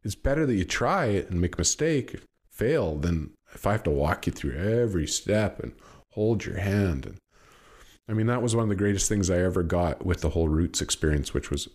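A middle-aged man with a low voice talks as a podcast guest in casual chat. He swears freely and tells stories with animation, his pitch jumping up and down as he goes. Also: animated, moderate pace, a little mellow. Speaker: podcast guest, business owner.

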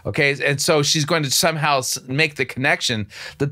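A man's voice: a little high, fairly even intonation, brisk, sharp tone. A man hosting a commentary show, picking apart a sermon clip with sarcastic, incredulous remarks and frequent restarts. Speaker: host.

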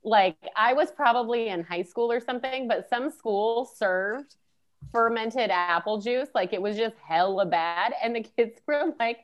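A woman from the Bay Area chatting casually as a podcast co-host, telling stories in a relaxed way. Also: a little high, a little slow. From California Bay Area. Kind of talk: casual chat.

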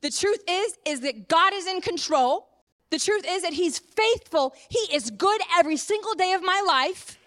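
Woman preacher, high voice, earnest sermon, hushed to impassioned. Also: expressive, normal speed. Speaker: apostle and preacher.

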